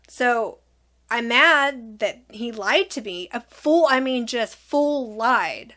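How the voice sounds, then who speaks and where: A woman's voice: on the high side, takes it slowly, pushed and bright. A young adult woman telling a storytime vlog to her viewers, retelling the argument with exasperation and quoted dialogue. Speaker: vlogger.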